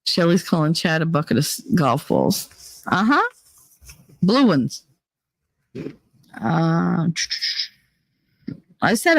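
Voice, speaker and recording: A woman's voice: low-pitched, sing-song, slow, creaky, long pauses, husky. A woman streamer chats frankly and jokes with her viewers, her voice sounding a bit worn and tired. The sound is dry and close, with no room echo at all. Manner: candid, joking, drifts between reading chat and musing aloud. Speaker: livestream host reading chat. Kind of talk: casual livestream chat.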